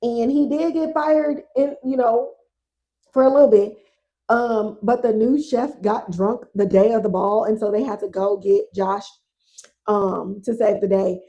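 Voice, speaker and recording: A woman hosting a casual TV recap podcast, animated and exasperated, swearing freely and talking to listeners as y'all. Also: a little high, measured pace, muffled recording. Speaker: podcast host.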